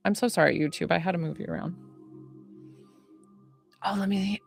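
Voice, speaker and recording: A woman's voice: on the low side, normal speed, gravelly, soft background music. Breathless rambling woman livestreamer. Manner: excitable, rambling, addresses viewers by name. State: emotional, catching her breath. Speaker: psychic medium livestream host. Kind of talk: casual livestream chat.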